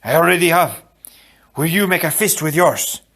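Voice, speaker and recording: A man voicing a proud, quick-witted swordsman who speaks with bold bravado in an audiobook reading. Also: fairly high pitch, animated, a bit bright, pitched above the performer's own voice. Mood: wry bravado.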